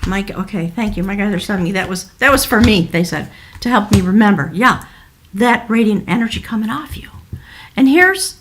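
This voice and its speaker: A middle-aged woman giving a spiritual tarot reading, effusive and wandering, sometimes dropping into a soft whisper. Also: medium pitch, animated, moderate pace. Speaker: tarot reader.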